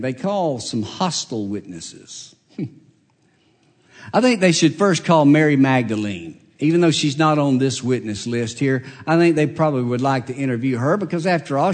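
A male preacher telling a Bible story as a dramatized courtroom scene, in sermon style. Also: mid-range voice.

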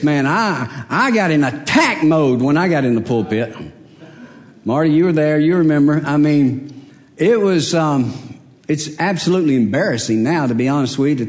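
A man's voice: on the high side, a little mellow, in a large hall. An older man, preaching a sermon in a church and telling stories about himself in a humorous, self-deprecating way. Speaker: pastor. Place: church sanctuary.

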